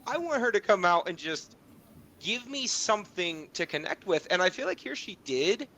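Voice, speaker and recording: Higher-voiced man making his point. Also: big pitch swings, moderate pace, bright, forceful tone, a little hiss or hum. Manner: analytical, builds his point with examples. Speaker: podcast co-host. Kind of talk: casual podcast chat.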